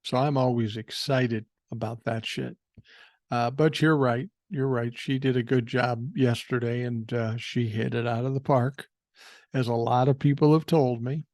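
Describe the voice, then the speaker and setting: A man's voice: mid-range voice, fairly even intonation, a little slow, darkish tone, no room sound. An older man hosting a podcast, giving blunt, profane political commentary and reading listener emails, thinking aloud with fillers. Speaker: podcast host.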